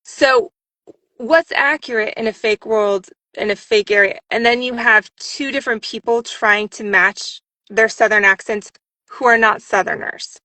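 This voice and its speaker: Chatty woman with a high dry voice. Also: fairly even intonation, pushed and bright, no room sound. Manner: bubbly, fast rambling with many restarts. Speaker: voice actress and audiobook narrator, guest. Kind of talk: casual interview chat.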